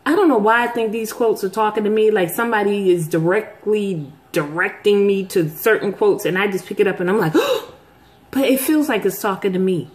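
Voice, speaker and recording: A middle-aged woman hosting a vlog, chatting casually to her viewers and telling a story, jumping up in pitch to act out the voices she quotes. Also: normal speed. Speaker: vlog host.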